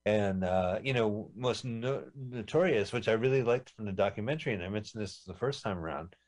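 A man's voice: fairly low pitch, fairly quick, darkish tone. A man co-hosting a podcast, reminiscing and chatting casually about a movie they are watching. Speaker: podcast co-host.

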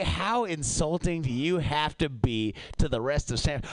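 A man performing a stand-up comedy set, animated and profane, swinging his voice up and down for bits. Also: fairly high pitch, moderate pace, hardly any pauses. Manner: animated, swearing, shifting voice up and down for bits. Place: comedy show venue.

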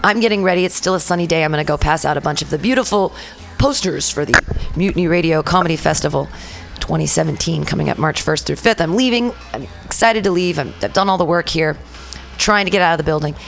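A woman hosting a radio talk show tells a lively story and acts out each quoted line. Her voice sits low and has a gravelly fry. Soft music plays faintly behind her. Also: fast talker. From San Francisco. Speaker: radio station host. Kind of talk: casual storytelling chat.

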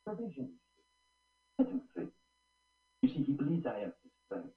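A man's voice: mid-range voice, wildly swooping pitch, moderate pace, gravelly. An actor playing a scheming adult male pirate in an old adventure film. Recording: echoey old film audio played over a phone-like line.

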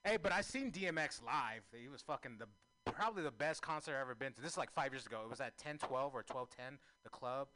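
A man doing a crude, self-mocking stand-up comedy set on a club stage, breaking into loud shouts. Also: mid-range voice, animated, fast talker.

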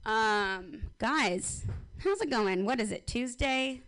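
A woman's voice: a little high, animated, takes it slowly, fairly bright tone. A woman comedian opening her set with loose, chatty banter. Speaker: stand-up comedian.

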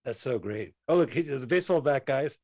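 A man's voice: mid-range voice, lively intonation, fairly quick, darkish tone, dry recording, clean studio sound. A man co-hosting a radio show, reacting casually while watching a movie. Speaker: radio co-host. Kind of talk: casual movie commentary chat.

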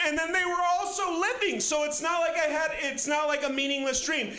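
A man's voice: very high-pitched, bright, forceful tone. A man in his twenties doing a rambling, profane, self-mocking stand-up routine. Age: 20s. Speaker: stand-up comedian.

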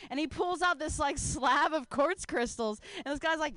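A woman's voice: fairly high pitch, normal speed, hardly any pauses, a bit bright, no echo. A woman telling a rambling stand-up story, laughing often and filling her talk with "like". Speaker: stand-up comedian.

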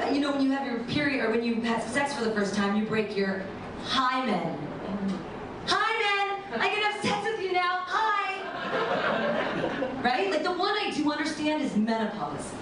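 A woman doing a bawdy stand-up comedy set with deadpan punchlines, recorded from far off in an echoey room. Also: high-pitched, normal speed, heavy background noise.

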